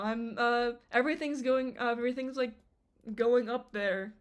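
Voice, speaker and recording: A woman's voice: fairly high pitch, normal speed. Rambling young woman streamer. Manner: rambling, full of fillers and restarts. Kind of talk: casual live-stream chat.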